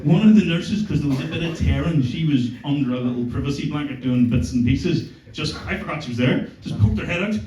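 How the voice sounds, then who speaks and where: Sweary Northern Irish comic on stage. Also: male voice, fairly high pitch, animated, fairly quick, few pauses, warm tone. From Northern Ireland. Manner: sweary, self-mocking storytelling. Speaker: stand-up comedian. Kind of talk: stand-up comedy set. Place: comedy club stage. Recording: roomy club sound, mic heard from a distance.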